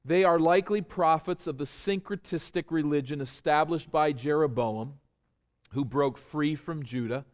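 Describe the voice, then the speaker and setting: A man's voice: fairly high pitch, normal speed. A man preaching an expository sermon. He explains step by step and puts rhetorical questions to his listeners with emphasis.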